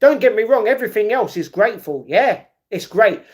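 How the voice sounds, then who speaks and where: A man live-streaming who reads his viewers' chat aloud and argues back, with excited reactions to a fight he is watching. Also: high-pitched, brisk. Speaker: livestreamer. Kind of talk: casual livestream chat.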